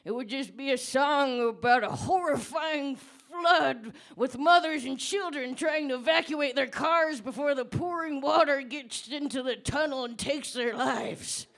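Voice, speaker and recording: A comedian playing a senile, fearful old man who rambles slowly about tunnels with sudden shouts, in a pub comedy debate. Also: sits high, vocal fry, heavily acted. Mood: rambling. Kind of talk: stand-up character debate. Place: pub stage before a live audience.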